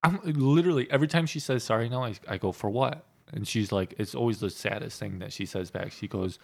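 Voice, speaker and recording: A young man co-hosting a podcast, telling stories in an animated, profane way. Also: fairly low pitch, fairly quick, creaky, hardly any pauses. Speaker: podcast co-host. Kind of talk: casual storytelling chat.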